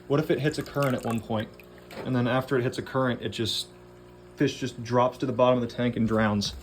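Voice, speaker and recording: Casual man, middle pitch, rambling home-aquarium vlogger who talks to his fish and swears lightly. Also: fairly even intonation, fairly quick, over loud music. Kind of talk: casual vlog chat.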